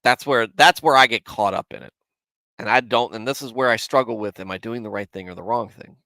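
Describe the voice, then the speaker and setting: A man in his forties talks through Bible verses in a loose livestream style, candid and ready to laugh at himself. His voice sits at an ordinary middle pitch. The sound is dry and close, with no room around it. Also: fairly quick, sharp tone, dry recording. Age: 40s. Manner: self-deprecating and candid, talking to live chat. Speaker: host of a Bible commentary show. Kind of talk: casual Bible commentary livestream.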